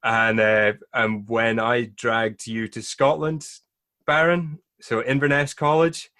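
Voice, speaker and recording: A man's voice: mid-range voice, steady tone, slow pace, pushed and bright. A man hosting a podcast in a casual chat, often laughing as he talks. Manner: chatty, laughs often while talking. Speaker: podcast host.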